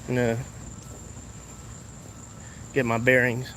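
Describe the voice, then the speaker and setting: Heated high-voiced man streaming a protest. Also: a little slow, long pauses, sharp tone, a little hiss or hum. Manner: heated and confrontational, talking to viewers. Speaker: livestreamer at a protest. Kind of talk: live street protest stream.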